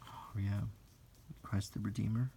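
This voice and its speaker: A man from the United States softly reading aloud from an old magazine and musing in asides, in a soft-spoken unintentional ASMR style. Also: fairly low pitch, flat delivery, a little slow, slight background noise. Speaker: host flipping through an old magazine.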